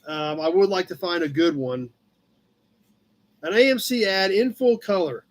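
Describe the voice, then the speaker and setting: Chatty high-voiced man hosting a live chat. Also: animated, unhurried. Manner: rambling, chatty, talks to his cat between comments. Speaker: livestream host. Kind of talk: casual live chat reading a car magazine. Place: his shop office.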